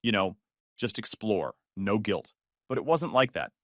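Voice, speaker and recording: A man voicing a young ex-girlfriend who talks softly and shakily, close to tears. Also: lowish voice, animated, a little slow, no room sound. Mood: tearful. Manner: shaky, soft, near tears. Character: young woman, tearful ex-girlfriend, pleading.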